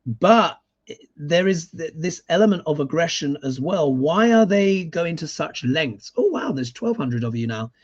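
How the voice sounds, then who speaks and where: A man's voice: a little high, lively intonation, unhurried. A man giving a live tarot reading in casual, sarcastic talk, often tagging his points with a questioning "yeah?". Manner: sarcastic, emphatic, keeps adding "yeah?" tags. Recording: dull lo-fi sound.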